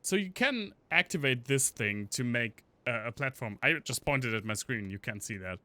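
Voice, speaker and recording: A man's voice: medium pitch, animated, normal speed, pushed and bright, no room sound. A man casually commenting on a game stream, joking and chatting with his viewers while he plays. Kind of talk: casual gameplay commentary to chat.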